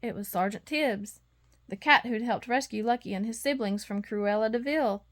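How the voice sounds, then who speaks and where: A woman with a fairly high voice reads a children's bedtime story aloud. She narrates expressively and voices the sound effects herself. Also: moderate pace. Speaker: storybook reader.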